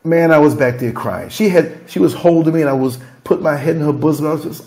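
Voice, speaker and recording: A man's voice: fairly high pitch, quick pace, few pauses, dark tone. Emphatic, emotional man hosting a podcast. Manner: emphatic, emotional, freewheeling storytelling. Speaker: podcast host. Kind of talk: candid podcast conversation.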